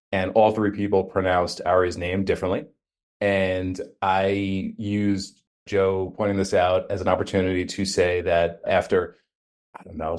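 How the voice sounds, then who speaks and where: A man from Staten Island co-hosting a business podcast, talking in a relaxed, anecdotal way. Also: low-pitched. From Staten Island, New York. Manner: relaxed, storytelling, many fillers and restarts. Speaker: podcast co-host. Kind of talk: casual conversational podcast chat.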